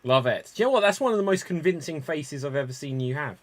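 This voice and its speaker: A man hosting an online improv game, briskly calling on players by name and telling jokes himself. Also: on the high side, animated, no room sound. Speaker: improv show host.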